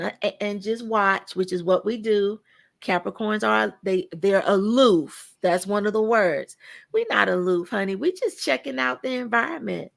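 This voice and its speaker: Woman on a podcast, kinda gravelly voice, animated, acts out what people say, leans on repeated words. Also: mid-range voice. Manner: animated storyteller who acts out quoted dialogue; emphatic, repeats words for stress. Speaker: podcast guest. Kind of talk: casual podcast conversation.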